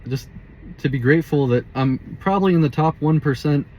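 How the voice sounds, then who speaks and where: A man's voice: on the high side, brisk, mellow, dull audio. Rambling, foul-mouthed young man in a car. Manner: rambling, profane, heavy use of "like". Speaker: vlogger. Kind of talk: casual storytelling monologue. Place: inside a car.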